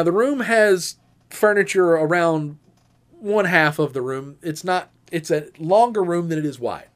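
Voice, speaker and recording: This is a man with a high voice, co-hosting a podcast and telling a personal story in relaxed, casual chat. He tells it in an animated way and jumps up into a squeaky register whenever he quotes a woman. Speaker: podcast co-host.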